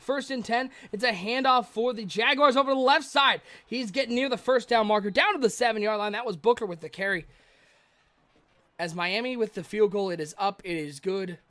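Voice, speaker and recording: Live on stream, a man with a high voice narrates video game football play by play, with no room sound. He gets excited over big plays and talks with his viewers between them.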